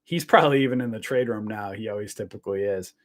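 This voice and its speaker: On his laid-back trading livestream, a man chats with viewers he addresses as "guys." His fairly low voice moves fast, and his talk wanders, packed with filler words.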